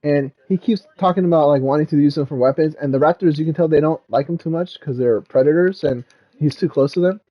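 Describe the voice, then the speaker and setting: A man's voice: fairly high pitch, fast talker, lo-fi sound. A man talking casually as a dad vlogger, retelling a movie in a rambling way, full of fillers like "like" and "um.".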